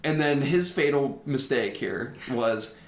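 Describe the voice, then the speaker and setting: A young man co-hosting a podcast, telling high school stories in a casual, animated way and mimicking people in high voices. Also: takes it slowly. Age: young adult. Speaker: podcast co-host. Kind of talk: casual storytelling chat. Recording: roomy echo.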